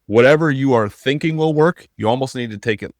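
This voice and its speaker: A man's voice: medium pitch, fairly quick, a little mellow, no room sound. A man co-hosting a podcast in casual conversation, earnest and thinking aloud with frequent restarts. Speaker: podcast co-host.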